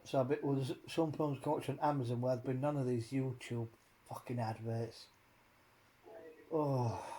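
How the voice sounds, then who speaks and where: A man's voice: medium pitch, dark tone. A man hosting a casual chat, rambling and swearing as he rants with many fillers. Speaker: host.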